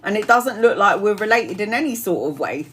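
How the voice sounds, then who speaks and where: A woman's voice: mid-range voice, lively intonation, a little fast, a bit bright, husky. A woman, giving a live-stream tarot reading in a chatty, blunt way and laughing often. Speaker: tarot reader.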